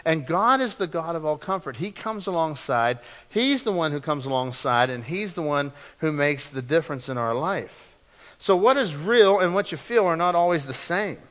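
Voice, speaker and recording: A male pastor preaching a sermon, leading the congregation in call-and-response and moving between loud emphasis and hushed, soft lines. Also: a little high, animated, moderate pace. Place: church sanctuary. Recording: long reverb of a church hall.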